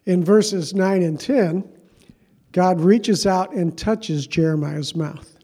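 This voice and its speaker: Mellow-voiced pastor telling stories. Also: male voice, sits high, slow, husky. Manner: conversational, self-deprecating storytelling. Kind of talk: sermon.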